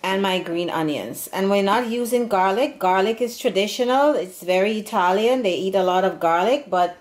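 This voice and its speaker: Her voice is medium in pitch and normal in speed as this Serbian-background woman demonstrates home cooking in her kitchen. The channel host rambles chattily, often beginning sentences again.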